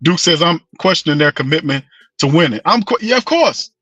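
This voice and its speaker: Fired-up New man ranting, bright voice. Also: a little high, lively intonation, fairly quick, slightly rough, no room sound. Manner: passionate, repetitive, slangy, addresses listeners as fam and bro. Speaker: sports show host. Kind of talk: fired-up sports fan rant.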